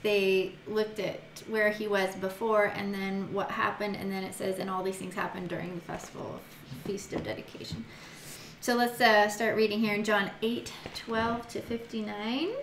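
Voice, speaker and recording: A chatty, giggly woman teaches a Bible study, reading passages aloud and pausing to reflect on them. Her voice sits at a middle pitch and carries a roomy echo. A faint hiss runs underneath. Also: level tone. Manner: chatty, giggly, reads scripture aloud and muses on it. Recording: echoey room with faint noise.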